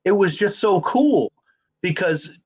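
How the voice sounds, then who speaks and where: A man's voice: sits high, a little slow, slightly rough. A man, an actor and comedian telling stories in a casual conversation and acting out the dialogue. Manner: animated storyteller who acts out quoted dialogue.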